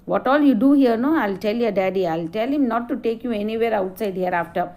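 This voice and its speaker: A woman's voice: fairly high pitch, fairly quick, a little mellow, lightly acted. A woman teacher reading out the lines of a stern mother scolding her child. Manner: stern, threatening.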